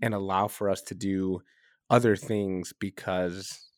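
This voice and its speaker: A man in his thirties hosting a casual podcast from a hotel room, chatty and loose, laughing at himself and clearing a slightly stuffy throat. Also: low voice, steady tone, a little slow, a little mellow, no room sound, clean studio sound. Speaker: podcast host. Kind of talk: casual rambling podcast monologue.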